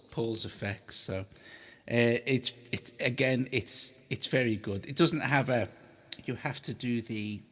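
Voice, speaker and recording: A man rambles through a playful demo, his voice processed by a harmonizer pitch effect. He talks slowly with a husky edge and a lively, bouncing pitch. He keeps mocking himself as he goes. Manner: joking, rambling, self-mocking. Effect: voice run through a harmonizer pitch effect. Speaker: host demonstrating audio effects. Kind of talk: casual demo chat with playful joking.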